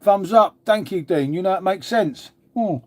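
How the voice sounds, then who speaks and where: A man's voice: sits high, normal speed, darkish tone. A middle-aged man, hosting a casual live stream, chatting bluntly with viewers, swearing freely and calling them mate. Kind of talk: casual live chat reading comments.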